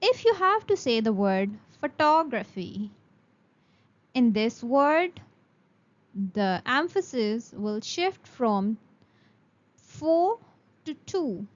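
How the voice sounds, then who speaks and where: Slow, high-voiced woman teaching English. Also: very animated, lo-fi sound. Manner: slow, careful, repeats words for practice. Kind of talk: beginner English lesson.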